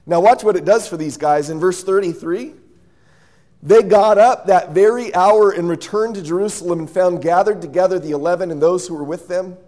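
A male pastor delivers a sermon in a fairly high but mellow voice. He tells the story with animated energy, acts out its scenes and pauses to quiz his listeners. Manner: lively storyteller, acts out scenes and quizzes the audience.

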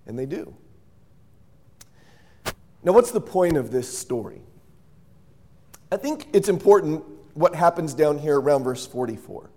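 A male pastor delivers a sermon in a fairly high but mellow voice. He tells the story with animated energy, acts out its scenes and pauses to quiz his listeners. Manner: lively storyteller, acts out scenes and quizzes the audience.

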